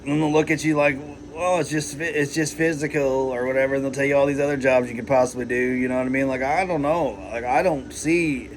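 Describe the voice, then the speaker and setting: A man's voice: medium pitch, fairly even intonation, quick pace, few pauses, slight background noise. A man rambling heatedly in a personal vlog, swearing a lot and filling his talk with "like" and "you know". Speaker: vlogger.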